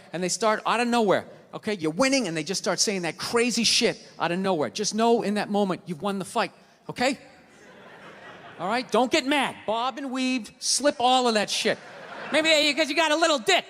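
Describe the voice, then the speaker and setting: High-pitched ranting comic in a hall. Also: male voice, slight background noise. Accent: Boston. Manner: ranting, profane, bursts into shouts. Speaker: stand-up comedian. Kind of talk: stand-up routine. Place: large theater stage with audience. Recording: live hall with crowd laughter.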